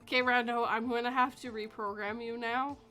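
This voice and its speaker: Bright, playful Canadian woman podcaster. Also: a little high, level tone, brisk, soft background music. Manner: playful, laughs often. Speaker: podcast host. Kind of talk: casual roundtable chat.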